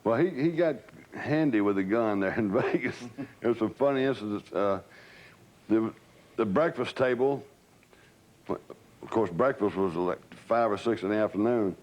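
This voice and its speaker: An older man, recounting old stories in an interview, animated and acting out what people said. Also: on the low side, normal speed, low-quality recording. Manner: animated storyteller who acts out quotes. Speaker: interviewee, former entourage member. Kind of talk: storytelling reminiscence.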